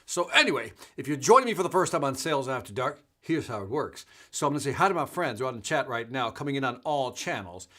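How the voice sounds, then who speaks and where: A man's voice: medium pitch, very animated, quick pace, few pauses, sharp tone. A middle-aged man hosting a live sales show, chatting casually and greeting viewers by name with energy. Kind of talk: casual live-stream chat.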